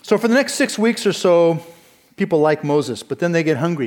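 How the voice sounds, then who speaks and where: Man, senior pastor type, slightly raised pitch; chatty storytelling sermon, sinks soft and low for the heavy parts. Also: moderate pace. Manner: conversational storytelling with fillers and restarts.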